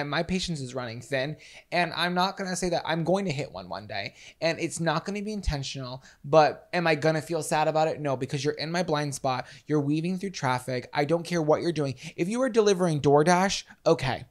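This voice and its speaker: A man's voice: fairly high pitch, lively intonation, a little fast. Ranting, blunt podcast co-host man. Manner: ranting, profane, blunt humor. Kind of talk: casual chat. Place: New York City.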